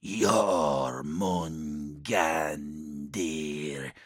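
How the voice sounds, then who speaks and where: A man voicing a vengeful, malevolent demon in an audiobook, with slow, drawn-out, menacing speech. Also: a bass voice, expressive, vocal fry, fairly bright tone, no room sound, clean studio sound, heavily acted.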